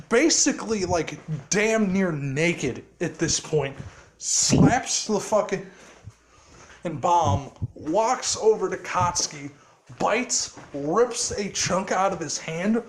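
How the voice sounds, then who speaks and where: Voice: medium pitch, noisy background. A casual storyteller rambling through a fan scenario with frequent laughter, filler words and heavy swearing.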